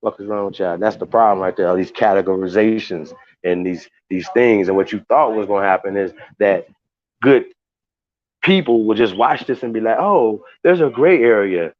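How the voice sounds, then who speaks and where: A man hosts a livestream, speaking casually to viewers in a low voice. He rambles and swears heavily, restarting often as he gets heated. The sound is dry and dull, with a lo-fi quality. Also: moderate pace, no room sound. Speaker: livestream host.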